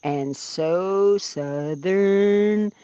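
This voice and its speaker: A woman's voice: mid-range voice, drawn-out words, dark tone, clear, resonant tone, no echo, highs cut off. A woman in her seventies on a livestream, chatting and telling stories with frequent laughs. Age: 70s. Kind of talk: casual chat.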